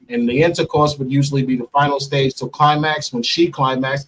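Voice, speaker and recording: Husky man telling a wild story. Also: distant mic, poor audio. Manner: animated, acts out quotes with sudden jumps in pitch. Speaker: guest telling his story. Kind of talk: casual storytelling.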